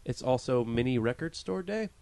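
A young man with a smooth, resonant voice, rambling through a casual podcast chat. He talks in a loose, self-deprecating way and swears now and then. The sound is dry and close, with no room behind it. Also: medium pitch, lively intonation, moderate pace, a little mellow, dry recording. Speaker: podcast co-host.

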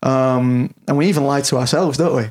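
A man's voice: mid-range voice, fairly quick, darkish tone. A man in casual conversation, candid and self-deprecating, swearing freely and restarting his sentences often. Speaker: podcast guest. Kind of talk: casual chat.

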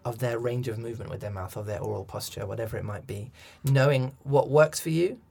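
A man's voice: mid-range voice, brisk, gravelly, darkish tone, slightly rough. A man, a coach, answering interview questions thoughtfully with frequent restarts and ums. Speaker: accent coach.

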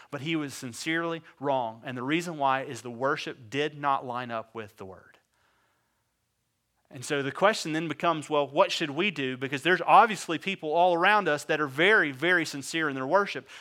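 High, bright, emphatic male preacher. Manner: dynamic preaching, swinging from loud emphatic bursts to low quiet asides; acts out biblical characters in conversational voices. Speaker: pastor. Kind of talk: sermon.

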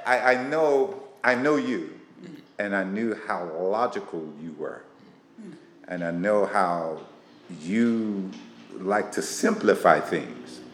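A man hosting a casual faith-based interview, animated and teasing, laughing often. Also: lowish voice, takes it slowly. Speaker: interview host. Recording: echoey room with faint noise.

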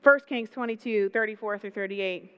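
Brief: female Bible teacher, jokey slangy retelling, smooth clear voice, lo-fi. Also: medium pitch, moderate pace. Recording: dull lo-fi recording.

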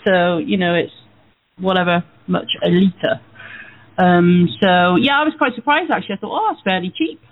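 A woman's voice: fairly low pitch, normal speed. A British woman co-hosting a casual talk radio show, chatty and laughing often. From United Kingdom. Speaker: co-host. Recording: tinny phone line.

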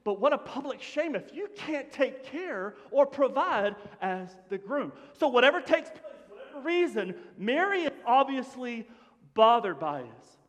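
A man preaching a sermon to his congregation in an animated, conversational way, often dropping to a hush. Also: very high voice, a little slow. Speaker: pastor. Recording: long hall reverb.

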